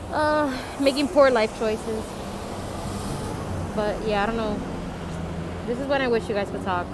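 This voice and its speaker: A young woman from the Dominican Republic talks bluntly and chattily into her phone while she shops, swearing freely. Her voice sits at an ordinary pitch for a woman. Loud shop and street noise runs behind her. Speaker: vlogger. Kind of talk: casual vlog narration. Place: stores and streets in a city. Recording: phone audio with loud public background noise.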